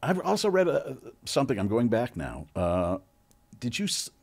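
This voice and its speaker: A man hosting a podcast interview, asking gentle, somewhat hesitant questions with fillers. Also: mid-range voice, sing-song, moderate pace, vocal fry. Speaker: podcast host.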